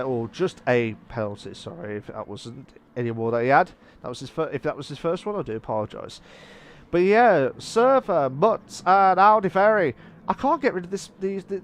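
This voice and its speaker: A man giving live sim racing commentary in an excitable, rambling way, often correcting himself. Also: a little high, a little hiss or hum. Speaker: race commentator.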